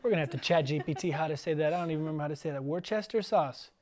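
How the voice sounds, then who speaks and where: A man's voice: fairly high pitch, a little mellow. A man who teaches and hosts a casual school podcast, talking in a playful, chatty way. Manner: playful, chatty, sounds out words slowly. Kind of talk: casual interview.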